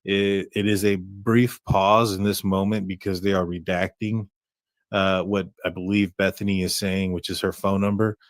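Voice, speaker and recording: A man with a fairly low voice hosts a true crime stream, picking his way through the details with plenty of "um"s and restarts. The sound is dry and close to the mic. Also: little pitch movement, no room sound. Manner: halting, many fillers and restarts. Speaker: true crime livestream host. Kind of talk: casual commentary on a case.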